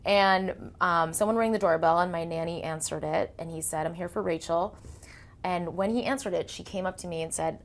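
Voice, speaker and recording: A woman in her thirties, a singer-songwriter telling stories in a casual interview, animated, acting out quotes and laughing often. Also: on the low side, moderate pace, slight background noise.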